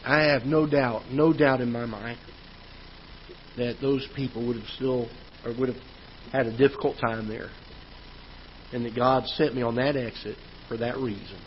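A man, a pastor, preaching a sermon in a church auditorium, telling a personal story in a conversational way, growing loud at the frustrating parts. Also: medium pitch, steady tone, normal speed, pauses often. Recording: dull church livestream audio with faint noise.

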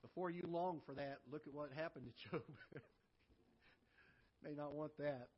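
A man preaching a sermon as pastor, swinging from loud emphatic lines to soft low asides. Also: measured pace, lo-fi sound. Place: church auditorium.

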